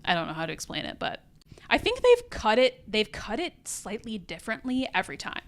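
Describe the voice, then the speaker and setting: A woman's voice: fairly high pitch, huge pitch swings, a little fast. A woman co-hosting a casual podcast, recapping a TV episode scene by scene and quoting the characters. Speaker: podcast co-host.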